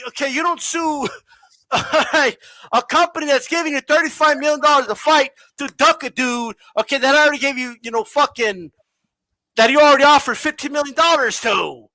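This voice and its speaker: A man's voice: very high-pitched, normal speed, sharp tone, dry recording, rough recording. A man hosting a boxing podcast, ranting with lots of profanity, often raising his voice and mocking people. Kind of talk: heated uncensored podcast rant.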